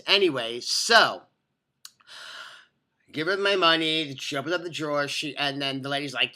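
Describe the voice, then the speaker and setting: A bright, sharp-toned adult voice launches into a rambling rant, piling up digressions, false starts and curse words. The delivery is animated and conversational, like a vlogger venting straight to the camera. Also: medium pitch, moderate pace. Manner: animated, profane, digressive storytelling with many restarts.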